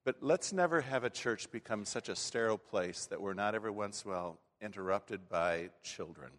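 A male pastor delivers a sermon in an easygoing, conversational style, often stopping and restarting his phrases. His voice sits low. Long reverb from the sanctuary lingers behind his words. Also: a little fast, a bit bright. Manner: folksy, conversational preaching with frequent restarts. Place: church sanctuary.

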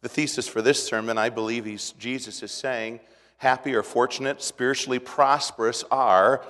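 A middle-aged man delivers a sermon in a homey, conversational manner. He stumbles through restarts, then climbs in pitch and volume to stress his points. His voice carries a long hall reverb from the sanctuary, in a middling register. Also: steady tone, moderate pace, a bit bright. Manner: folksy, conversational preaching with restarts and rising emphasis. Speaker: pastor.

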